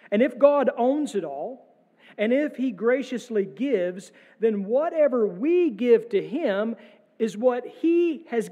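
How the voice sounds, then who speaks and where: A male pastor preaching a sermon in a church, posing measured rhetorical questions with wry asides. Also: high voice, dark tone. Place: church sanctuary. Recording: long church reverb.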